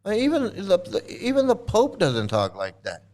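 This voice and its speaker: A man's voice: high voice, huge pitch swings, moderate pace, darkish tone. A man ranting in angry commentary as a former member, profane and repetitive, restarting his sentences.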